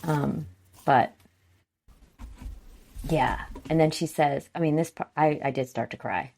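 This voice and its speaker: A woman with a fairly low voice chats casually as a podcast co-host. She recaps a TV episode and acts out the scenes with little voices and sound effects. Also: measured pace, creaky, darkish tone.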